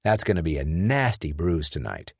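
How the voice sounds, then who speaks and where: A man's voice: rumbling low, sing-song, normal speed, vocal fry, darkish tone, husky, dry recording, heavily acted. Man voicing a dry, wry tough guy. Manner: dry, sarcastic. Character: wry tough male ex-soldier.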